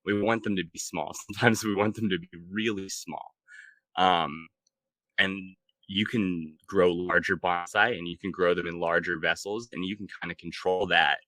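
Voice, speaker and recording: A man co-hosting a casual podcast chat, talking in a relaxed, laid-back way with many fillers. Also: low voice, normal speed, dry recording, rough recording. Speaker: podcast co-host.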